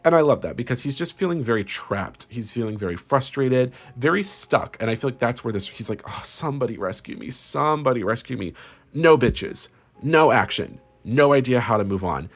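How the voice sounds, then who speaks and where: A man talks through a casual tarot reading at a middle pitch, crude and sarcastic. He sounds gleefully spiteful, relishing every jab as he lays out the cards. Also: animated, moderate pace. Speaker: tarot reader.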